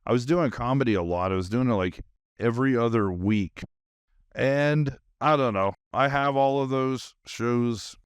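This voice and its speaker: Rambling man with a smooth voice. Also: mid-range voice, a little slow, no room sound, clean studio sound. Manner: rambling, nonstop talker with many fillers. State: highly caffeinated. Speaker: podcast host. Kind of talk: rambling solo podcast monologue.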